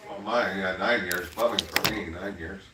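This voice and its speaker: A man's voice: low voice, steady tone, moderate pace. A man chatting casually on a livestream, rambling through work stories and swearing freely. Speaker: livestream host. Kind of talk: casual chat. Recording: echoey room, far from mic, faint noise.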